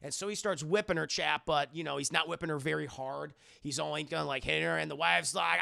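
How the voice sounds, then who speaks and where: Gravelly, animated movie reviewer, a man. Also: a little high, fairly quick, hardly any pauses, no echo, studio quality. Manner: animated, profane storytelling. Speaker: movie reviewer streaming to chat. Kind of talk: casual film recap.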